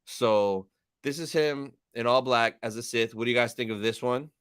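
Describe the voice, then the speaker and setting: A young man hosting a live stream, reading chat and thanking viewers in an upbeat, chatty way. His voice is smooth and clear, at a middle pitch. The sound is dry and close to the microphone. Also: normal speed, a bit bright, no room sound.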